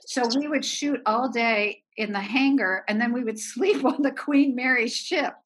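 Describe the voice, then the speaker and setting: Woman, 60s, from Erie, film producer guest, lively storyteller, laughs often. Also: a little high, moderate pace. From Erie, Pennsylvania. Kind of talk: anecdotal storytelling.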